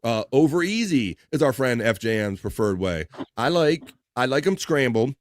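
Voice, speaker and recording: A man's voice: medium pitch, sing-song, moderate pace, dry recording, clean studio sound. Rambling man hosting a live stream. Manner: rambling, joking, swears casually. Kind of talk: casual chat reading viewer comments.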